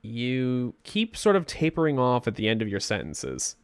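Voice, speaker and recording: A man's voice: mid-range voice, huge pitch swings, normal speed, clear, resonant tone, no echo. A young man streaming a game, bantering casually with a co-host in a teasing, dramatic way.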